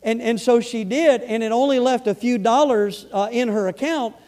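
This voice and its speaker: A man preaching a storytelling sermon, repeating phrases and swinging from loud, rising build-ups to hushed, low passages. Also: moderate pace.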